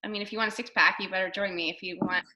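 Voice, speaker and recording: A woman's voice: medium pitch, fairly even intonation, rapid-fire, highs cut off, background noise. A woman leading a casual team video call as a fitness coach, chatty and upbeat, full of fillers and acted-out quotes.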